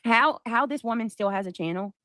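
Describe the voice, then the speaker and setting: A woman's voice: a little high, brisk, a bit bright, dry recording. A woman livestreamer arguing on her stream, blunt and sarcastic, swearing freely into a close mic. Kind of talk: heated livestream argument.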